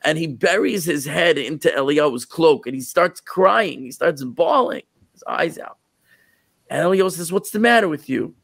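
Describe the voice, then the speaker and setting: Rabbi, male, lively storyteller, slightly higher voice, dry close sound. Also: moderate pace, gravelly, no room sound. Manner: animated, repeats words while retelling. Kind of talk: storytelling sermon.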